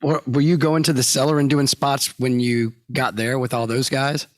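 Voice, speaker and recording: A man hosts a casual podcast chat, asking relaxed follow-up questions. He breaks in with short, keen reactions, his voice sitting at an average pitch for a man. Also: moderate pace. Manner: brief eager interjections and follow-up questions. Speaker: podcast host.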